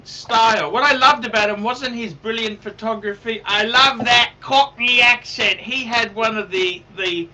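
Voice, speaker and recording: A man's voice: very high voice, normal speed, hardly any pauses, bright, forceful tone, far from the mic, low-quality recording. A man hosting a livestream in casual chat, rambling, repeating himself and swearing. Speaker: livestream host.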